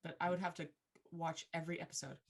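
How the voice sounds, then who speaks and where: A woman's voice: on the low side, little pitch movement, quick pace. A woman co-hosting a podcast in casual, playful chat. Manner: chatty and playful. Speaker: podcast co-host.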